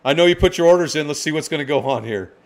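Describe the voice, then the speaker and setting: A man hosting a live card-break stream, excitedly calling out each card and greeting viewers by name. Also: on the high side, very fast, vocal fry.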